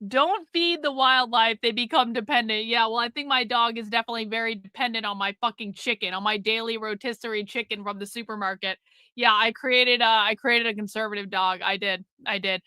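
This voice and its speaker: A woman hosting a live stream, chatting casually with her audience and telling a rambling, profane story with lively swings in loudness. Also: on the high side, a little fast, clear, resonant tone, dry recording. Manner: animated, jumps between loud and quiet.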